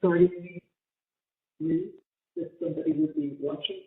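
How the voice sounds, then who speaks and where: An older woman with a New York accent, talking in a halting, rambling way with many restarts, sounding distressed. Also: on the low side, very animated, creaky. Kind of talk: recorded conversation. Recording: tinny phone line, echoey.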